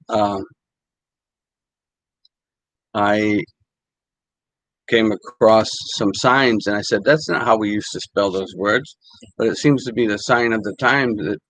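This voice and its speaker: An older man, a language teacher, talking casually and haltingly with many fillers while reading quotes aloud. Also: fairly low pitch, a bit bright, no echo, poor audio.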